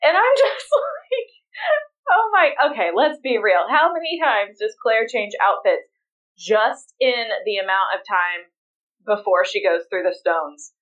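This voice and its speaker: A woman's voice: medium pitch, sing-song, measured pace, a bit bright. A woman co-hosting a podcast in casual chat, bubbly and laughing often. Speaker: podcast co-host. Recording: slightly dull lo-fi sound.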